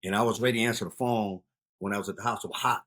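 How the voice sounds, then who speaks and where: A man in his fifties, a youth outreach founder, telling street stories in a casual interview, bursting loud at times. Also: fairly low pitch, very fast. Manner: animated street storyteller, loud outbursts.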